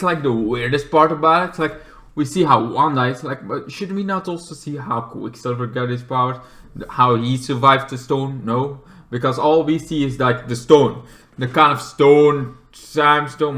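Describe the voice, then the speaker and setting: Rambling bright-voiced male reviewer. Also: medium pitch. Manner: rambling, heavy filler, animated outbursts. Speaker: show reviewer. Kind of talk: casual review monologue.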